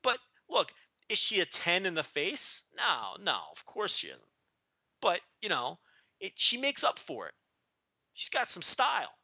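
A man's voice: high-pitched, huge pitch swings, a little slow, bright, forceful tone, slightly rough, no room sound. A man from Texas co-hosting a wrestling podcast, joking and teasing in casual rambling chat. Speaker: podcast co-host.

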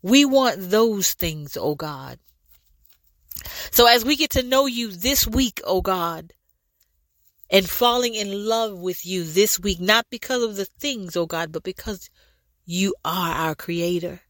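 A woman leading a fervent spoken prayer, pleading and repeating lines, at times rising to shouts and speaking in tongues. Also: medium pitch, lively intonation, slow, dry recording. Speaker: prayer leader.

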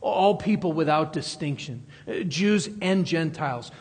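Male preacher, higher-pitched and husky, emphatic and repetitive, big echoing hall. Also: lively intonation, a little slow. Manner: emphatic, repeating key phrases and building intensity. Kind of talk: expository sermon. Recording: long reverb of a large hall.

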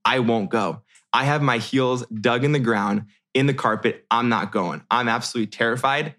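A man in his thirties from the United States telling a personal story in a casual, animated way, with many restarts and fillers. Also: medium pitch, moderate pace. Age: 30s.

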